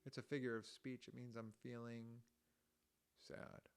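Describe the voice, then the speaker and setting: A man teaching young children about emotions, gently explaining each word and acting out the feelings with sighs and groans, with chatty asides. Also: mid-range voice, flat delivery, measured pace, smooth. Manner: chatty asides, thinks aloud. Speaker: music teacher. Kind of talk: children's lesson with guitar. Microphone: home recording mic. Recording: guitar music under the voice. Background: guitar chords under the voice.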